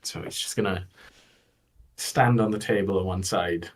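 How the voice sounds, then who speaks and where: A male player describes his character's plan in a tabletop session. His voice sits on the low side, and he talks hesitantly, with soft pauses and fillers. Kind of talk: casual chat.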